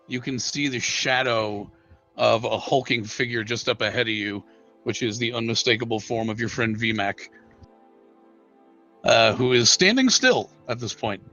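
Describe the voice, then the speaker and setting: A man narrating a tabletop game as game master, slow and hesitant with many pauses and ums. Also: mid-range voice, sharp tone. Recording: dull lo-fi sound with faint music.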